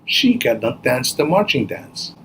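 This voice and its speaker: A man's voice: medium pitch, big pitch swings, measured pace, a bit bright, slight background noise, rough recording. A man voicing teasing village girls in a storybook tale, with a mocking sing-song manner. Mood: taunting.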